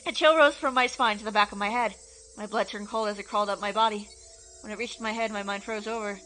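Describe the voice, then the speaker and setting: A woman narrating a horror visual novel aloud in an expressive, steady reading style. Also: medium pitch, fast talker, rough recording.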